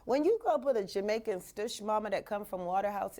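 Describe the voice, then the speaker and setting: A woman's voice: medium pitch, animated, a little fast, few pauses, a little mellow. A woman from Canada hosting a live radio show, talking casually and animatedly, slipping in Jamaican patois phrases, from a radio studio.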